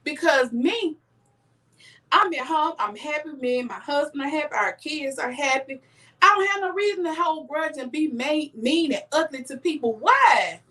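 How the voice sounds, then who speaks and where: A middle-aged woman gives earnest life advice directly to her viewers during a casual live stream. Her high voice is expressive with a sharp tone at a normal speed, and she sounds a bit distant from the mic.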